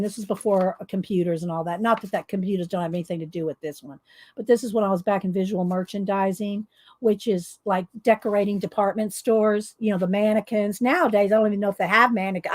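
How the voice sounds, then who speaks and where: A woman's voice: mid-range voice, a little mellow, dry recording. A middle-aged woman, telling rambling stories and laughing often while she colors on camera. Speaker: coloring video host. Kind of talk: casual storytelling while coloring.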